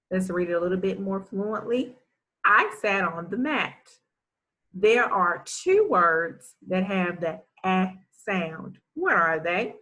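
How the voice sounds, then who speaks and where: A woman with a medium-pitched, sharp-toned voice speaks slowly and expressively. She's teaching a first grade phonics lesson, sounding out letters one at a time and encouraging the kids with frequent praise.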